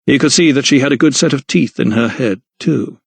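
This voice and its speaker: A man reading a historical mystery novel aloud as an audiobook narrator, in measured storytelling narration. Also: medium pitch, gravelly, slightly rough, no room sound. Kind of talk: scripted narration.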